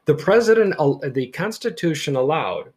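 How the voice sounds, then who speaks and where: A man teaching history in a podcast lecture, speaking emphatically and deliberately and stressing key words. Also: fairly high pitch, lively intonation, slightly rough.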